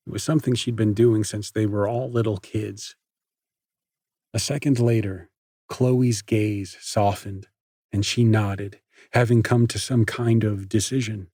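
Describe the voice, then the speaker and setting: A husky male narrator reads a novel at a steady, measured pace. His voice sits in a middle register. The recording is close and dry with no room sound. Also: on the low side, dry recording. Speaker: audiobook narrator. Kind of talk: scripted narration.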